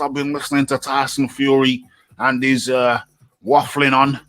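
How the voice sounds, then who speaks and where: A British man hosting a casual boxing chat, animated and laughing often, repeating his words as he goes. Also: medium pitch, moderate pace, no room sound. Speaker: host.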